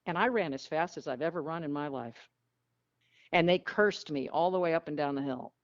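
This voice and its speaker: A woman guest telling frank, lively stories in a casual interview. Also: sits low, normal speed, no echo. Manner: animated, frank storyteller who acts out quotes. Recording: dull lo-fi dry sound.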